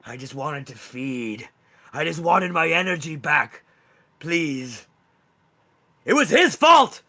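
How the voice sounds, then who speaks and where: A man's voice: sing-song, slow pace, pushed and bright, exaggerated voice. A man voicing a cornered male Wendigo monster who begs frantically for his life. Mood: pleading. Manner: high, frantic begging.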